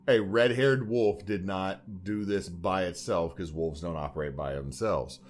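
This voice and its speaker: A man's voice: low voice, a little slow. A man co-hosting a podcast in casual chat, rambling and joking as he talks. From Louisiana. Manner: rambling, joking, puts on silly voices. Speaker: podcast co-host.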